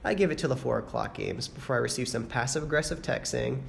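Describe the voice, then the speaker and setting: A man's voice: fast, creaky. A man delivering a boastful, trash-talking mock radio segment to his rival league members. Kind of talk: mock radio show taunt. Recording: low-quality noisy recording.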